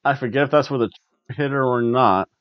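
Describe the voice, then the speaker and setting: A man's voice: mid-range voice, a little fast, no room sound. A man hosting a casual wrestling review podcast, rambling wryly and chuckling often. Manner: rambling and wry, with frequent chuckles. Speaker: podcast host. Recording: dull lo-fi dry recording.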